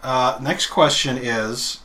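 A man's voice: medium pitch, slow pace, sharp tone. A man hosting a podcast, reading quiz questions in a playful, joking way. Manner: playful quizmaster, laughs easily. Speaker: podcast host running a quiz. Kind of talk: casual podcast chat.

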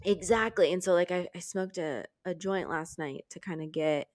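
A woman co-hosting a podcast in casual chat, her voice throaty today, talking fast with lots of laughs. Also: on the low side, no room sound, studio quality. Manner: chatty, laughs often, says freaking a lot. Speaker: podcast co-host. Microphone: studio microphone.

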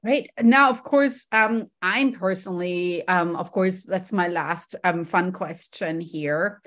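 A woman's voice: lowish voice, slow, fairly bright tone. A woman hosting a podcast, chatting upbeat in an interview with frequent ums. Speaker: podcast host. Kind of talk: casual interview chat.

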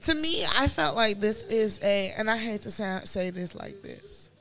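A woman's voice: mid-range voice, expressive, unhurried, vocal fry, fairly bright tone. A young woman co-hosting a podcast, talking bluntly and casually in slang, with frequent laughter. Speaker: podcast co-host. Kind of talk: casual chat.

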